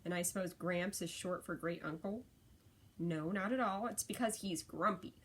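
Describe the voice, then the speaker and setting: A woman's voice: fairly low pitch, normal speed, slightly rough. A woman voicing a prim, loving elderly great-aunt who scolds and comforts by turns. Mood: fond. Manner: prim, scolding then tender.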